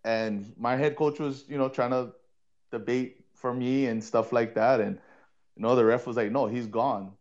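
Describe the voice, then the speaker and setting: Lively man telling football stories. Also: medium pitch, normal speed, dull audio. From Hawaii. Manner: animated, laughing, repeats words while telling anecdotes. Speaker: co-host, former player and coach. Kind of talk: casual storytelling in a podcast chat.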